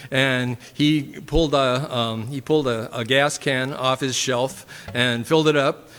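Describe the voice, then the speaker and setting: A man with a Minnesota accent tells a personal story to a church gathering, easygoing and meandering, often clearing his throat. His voice sits at an ordinary middle pitch. It rings out with the long reverb of a large church hall. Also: fairly even intonation, a little slow, fairly bright tone. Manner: rambling, with fillers and frequent throat clearing. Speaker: church member giving a testimony. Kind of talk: casual storytelling testimony. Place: church sanctuary.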